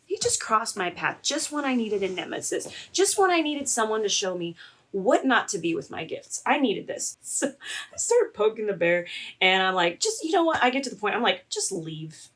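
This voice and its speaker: A young adult woman, a content creator, telling a story in a casual vlog with animated sarcasm. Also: medium pitch, moderate pace. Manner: animated and sarcastic, laughing often.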